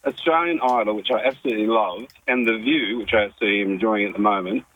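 A man's voice: on the low side, quick pace, phone-quality sound. A man calling in to a radio show, sarcastic in his complaint. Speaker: caller. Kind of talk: phone-in complaint.

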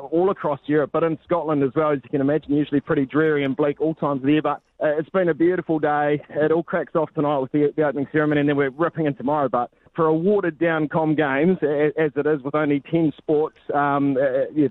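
A man's voice: a little high, steady tone, fast, few pauses, no echo. Matey New man on a dull phone line. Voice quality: matey, rambling, with restarts. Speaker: sports reporter calling in. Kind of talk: casual live cross report.

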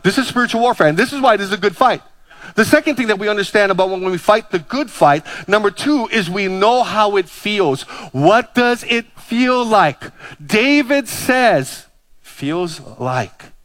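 A pastor in his fifties from Hawaii delivers a sermon in a slightly high man's voice. He keeps things lively with self-deprecating stories and quick jokes between the points. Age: 50s.

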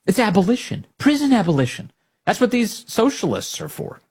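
A man hosts a political talk radio show, mocking and emphatic in tone. His voice is husky and sits a bit high. His pitch swings widely as he presses each point. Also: very animated, fairly quick, darkish tone.

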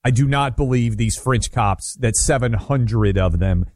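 A man's voice: medium pitch, a little slow, darkish tone, no echo, studio quality. A middle-aged man from Nashville co-hosting a talk radio show, joking and opinionated in a casual style. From Nashville, Tennessee. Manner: opinionated, joking, self-deprecating.

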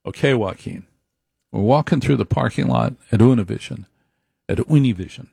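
A man's voice: medium pitch, moderate pace, creaky, warm tone, slightly rough, dry recording. A man giving an opinionated monologue, emphatic, repeating his points and wandering into asides.

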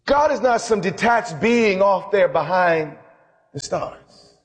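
A middle-aged man preaching a sermon as a bishop, with dramatic slow emphatic pauses. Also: sits high, animated. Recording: live sermon with long hall reverb.

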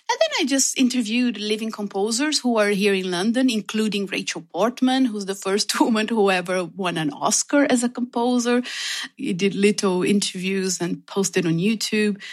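A woman from Brazil, an opera singer, telling her story in an interview and acting out the dialogue in different voices. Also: mid-range voice. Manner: lively, acts out dialogue in voices.

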